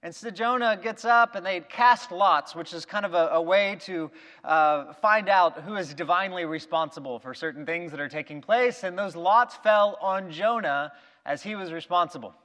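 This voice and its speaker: A male preacher with a high-pitched voice retells a Bible story with lively energy, acting out the quotes. A long reverb from a large hall hangs on his words. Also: moderate pace.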